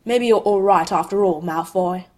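A woman voicing a blunt, greedy young male wizard who talks in a gruff way. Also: medium pitch, normal speed, dark tone, lightly acted. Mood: cheerful.

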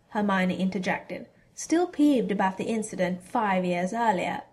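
A woman narrating a fan fiction story in a steady storytelling delivery. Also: medium pitch, a little slow, few pauses.

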